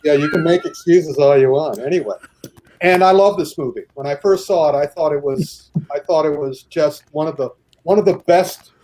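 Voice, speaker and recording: Rambling, mellow-voiced man. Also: fairly high pitch. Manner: rambling, passionate, many restarts. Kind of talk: casual debate chat.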